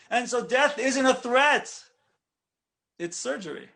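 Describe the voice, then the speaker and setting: A man with a high, bright-toned voice teaches a Torah lesson like a rabbi talking to a room of friends. He is conversational and animated, stopping often to ask "right?" and restarting his sentences as his thoughts race ahead. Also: slow pace, vocal fry, long pauses. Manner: conversational, with frequent "right?" check-ins and restarts.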